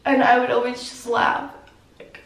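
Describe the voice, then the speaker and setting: A teenage girl vlogger telling a personal story through tears, filler-heavy and halting. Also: a little high, completely flat delivery, creaky, reverberant, distant mic, poor audio. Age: teens. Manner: tearful, heavy use of "like". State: crying. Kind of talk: emotional storytime.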